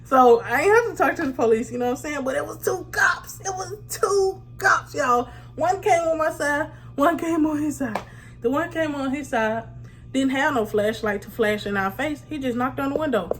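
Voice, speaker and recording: A woman vlogger telling a funny story in a slangy, animated way, often breaking into laughs. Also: high-pitched, moderate pace, faint music behind. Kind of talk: storytime vlog.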